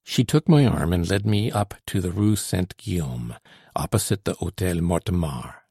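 A male audiobook narrator with a low, gravelly, husky voice and a dark tone. He reads period prose in a steady, measured way. The sound is dry and close. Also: no room sound. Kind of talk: scripted narration.

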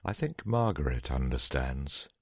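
A man reading a story aloud in a measured, dramatic narration. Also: very deep voice, big pitch swings, vocal fry, a little mellow, no room sound, studio quality.

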